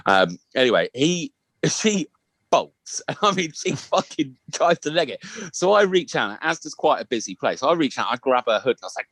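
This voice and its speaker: Male podcast co-host in his thirties, lively swooping pitch, dry close sound, sweary storyteller. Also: fast talker, no room sound. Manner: animated, swearing, laughs through his own story. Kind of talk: casual storytelling chat.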